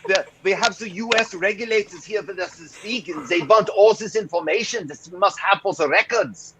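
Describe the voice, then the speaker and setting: A man's voice: high-pitched, a little fast, fairly bright tone, a little hiss or hum, voice pushed up, poor audio. A man putting on a German accent to play a formal, officious male banker calling from an overseas office. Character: pompous German male banker on a phone call.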